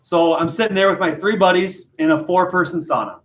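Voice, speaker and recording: A man leads his literature class with a slightly high voice. He is animated and jokey and pokes fun at himself. The classroom gives his voice a strong echo. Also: brisk. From United States. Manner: jokey, animated, self-deprecating. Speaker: high school literature teacher. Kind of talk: classroom discussion and storytelling.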